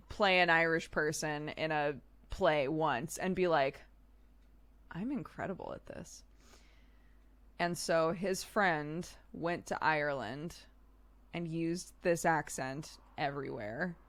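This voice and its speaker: A woman's voice: low-pitched, fairly bright tone. A woman hosting a live stream in casual chat, giggly and chatty, laughing often. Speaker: streamer host.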